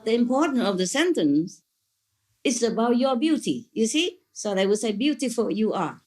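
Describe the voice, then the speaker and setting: A woman's voice: on the high side, very animated, moderate pace, a little mellow. A woman spiritual teacher answering questions at a gathering, playful and gushing, laughing often and speaking imperfect English.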